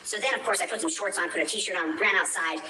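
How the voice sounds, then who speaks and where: Guy rambling fast and bright, sounds far off in an echoey room with faint hiss. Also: high-pitched. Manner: emphatic, repeats himself. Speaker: streamer telling a story. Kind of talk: rambling storytelling.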